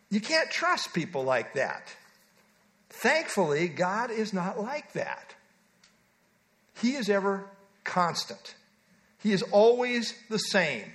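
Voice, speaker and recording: Male preacher, fairly high voice, emphatic sermon delivery with digressions. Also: fairly bright tone. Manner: emphatic, reads scripture aloud, digresses with asides.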